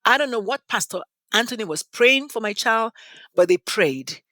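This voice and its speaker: Nigerian-born woman telling her story on a podcast, super expressive, lots of ups and downs, dry close sound. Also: fairly high pitch, no room sound. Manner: passionate and animated, with dramatic pauses. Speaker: podcast guest. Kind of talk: emotional interview storytelling.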